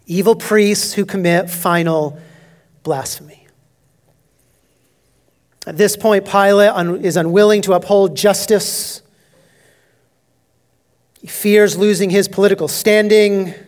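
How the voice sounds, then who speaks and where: A male pastor preaching an expository sermon, emphatic, swinging between loud declarations and hushed, near-whispered asides. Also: sits high, steady tone, takes it slowly, pauses often.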